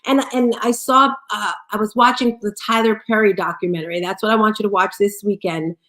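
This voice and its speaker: A woman's voice: mid-range voice, fairly even intonation, fairly quick, a bit bright. A woman co-hosting a casual live stream, talking with passion and emotion and often repeating herself. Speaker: co-host. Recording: echoey room.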